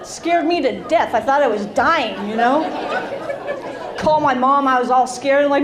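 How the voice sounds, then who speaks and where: A woman's voice: high voice, normal speed. A middle-aged woman doing stand-up comedy and working the crowd, brash and self-mocking, often laughing. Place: comedy club stage. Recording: live club with loud crowd. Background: audience laughter and chatter.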